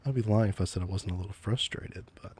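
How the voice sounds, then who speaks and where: A man murmurs in a whispered role-play, right up against a close mic. His voice sits very low and dark, mellow rather than bright. He teases in a calm, mock-menacing way. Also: fast, slightly rough. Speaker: VTuber streamer.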